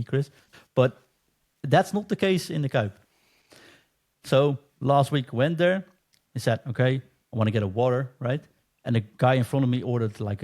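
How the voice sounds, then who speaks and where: A man's voice: medium pitch, a little mellow. Dutch-born man telling stories in casual chat. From Netherlands. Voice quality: chatty storyteller, acts out quoted exchanges. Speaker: podcast co-host.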